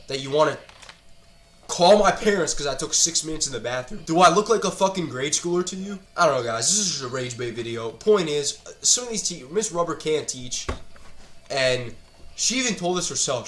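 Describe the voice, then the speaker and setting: A man's voice: mid-range voice, fairly bright tone, reverberant. A teenage student ranting about school in an exasperated, profane way while he plays a video game. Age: teens. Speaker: student gamer.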